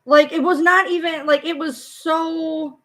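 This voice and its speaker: A woman chatting casually on a livestream, animated, swearing freely and often breaking into laughter as she talks back to viewers. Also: extremely high pitch, a little slow. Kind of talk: casual live commentary.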